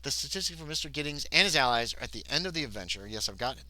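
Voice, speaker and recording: A man's voice: mid-range voice, rapid-fire, few pauses, dry recording. A man livestreaming a solo tabletop horror game, rambling and interrupting himself as he chats with viewers and reacts to the game. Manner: rambling, self-interrupting, excitable chatter with the chat.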